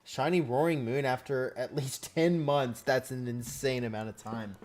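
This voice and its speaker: A man's voice: mid-range voice, moderate pace, darkish tone, faint music behind. A man hosting a casual live stream, chatting with viewers and reacting as he goes.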